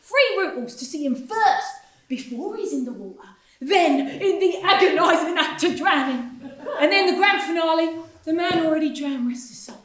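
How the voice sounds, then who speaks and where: A woman's voice: very high voice, animated, moderate pace, a bit bright, recorded from a distance. A woman acting a wheedling male street performer who fakes drownings for money, in an amateur stage scene recorded off-mic in an echoey room. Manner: wheedling, salesman patter, mock-respectful. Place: drama class room.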